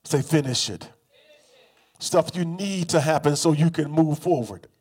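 A man preaching a sermon, leading the congregation in call-and-response with rhythmic repetition and drawn-out, emphatic lines. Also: on the high side, darkish tone, breathy edge. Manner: call-and-response, has congregation repeat phrases.

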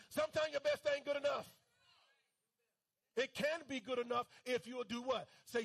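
High, gravelly-voiced preacher man. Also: moderate pace, pauses often, fairly bright tone. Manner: fervent, call-and-response preaching. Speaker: pastor. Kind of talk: sermon.

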